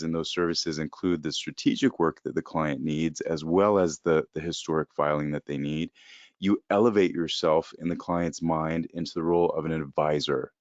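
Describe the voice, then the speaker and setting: A man's voice: low voice, no room sound, muffled recording. A man presenting a slide-based business webinar for accounting firms, explaining steadily with frequent "uh" fillers. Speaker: presenter for an accounting-firm coaching program.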